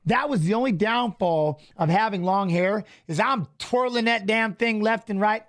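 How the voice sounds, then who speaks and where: A man with a high, slightly bright voice talks at normal speed while co-hosting a fight watch-along stream. His chat is loose and jokey; he reads viewer comments aloud and swears casually.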